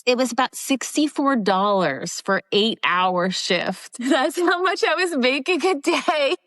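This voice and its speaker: A middle-aged woman from the Philadelphia area, guest on an interview show, telling candid behind-the-scenes stories in a lively way. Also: unhurried, no echo. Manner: animated, jumps into high voices when quoting people. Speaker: guest actress.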